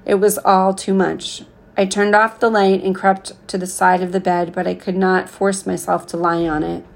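A woman reading a novel aloud in an unhurried, earnest way. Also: medium pitch, level tone, vocal fry. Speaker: reader.

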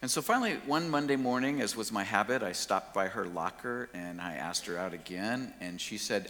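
A man telling his personal story in a casual, slangy, lively way. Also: fairly low pitch, fairly quick, hardly any pauses, long reverb tail. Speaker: speaker sharing his testimony.

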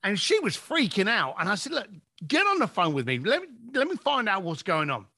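A man's voice: sits high, huge pitch swings, a little fast, pushed and bright. A man, a business coach telling stories in a podcast conversation and acting out his clients' lines.

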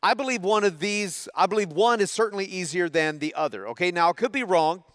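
A man's voice: high voice, lively intonation, a little fast, fairly bright tone, no echo, studio quality. A middle-aged man preaching a sermon, talking conversationally and putting questions to his audience. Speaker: pastor.

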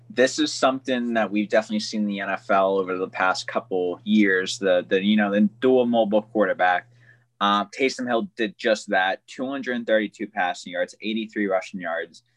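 A young man hosts a sports podcast in an easygoing, chatty way. His voice sits fairly low. He keeps it loose and friendly with his co-host. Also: a bit bright. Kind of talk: casual sports podcast chat.

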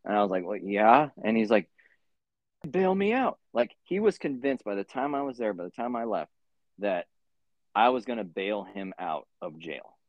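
A man's voice: lowish voice, animated, moderate pace, dry recording. A man telling a long story in casual podcast chat, rambling and profane with many fillers. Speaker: podcast host. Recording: dull lo-fi sound.

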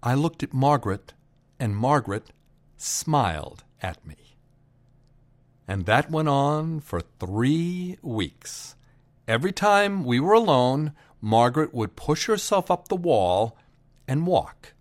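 A man telling a personal family story to listeners, unhurried, pausing for effect, and raising his voice for quoted shouts. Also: medium pitch, very animated. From Boston area.

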